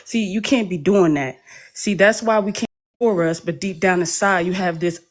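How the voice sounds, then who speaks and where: A woman's voice: on the low side, moderate pace. A woman from the United States, a panelist in a live audio debate, talking in a heated, blunt, confrontational way.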